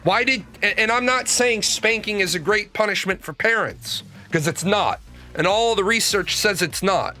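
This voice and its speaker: Over faint background music, a male show host talks at normal speed in a high, bright, forceful voice. His casual monologue is a string of blunt, wandering stories laced with profanity.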